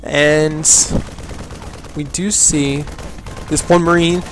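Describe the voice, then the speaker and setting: Rambling, slightly high-voiced male game caster. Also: flat delivery, normal speed, slight background noise. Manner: rambling, restarts, habitual "we do see" phrasing. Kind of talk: casual live game commentary.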